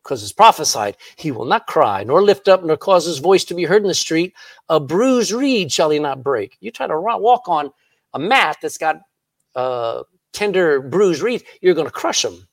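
A man's voice: fairly high pitch, big pitch swings, normal speed, no echo. A man preaching a sermon in church, reading scripture aloud and laughing at his own jokes. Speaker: pastor.

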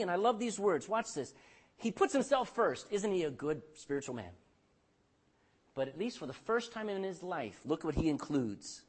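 Animated preaching man, lively swings. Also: fairly high pitch, moderate pace, slightly rough. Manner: animated preaching, swings between loud and hushed; calls for amen from the congregation. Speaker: pastor. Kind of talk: sermon.

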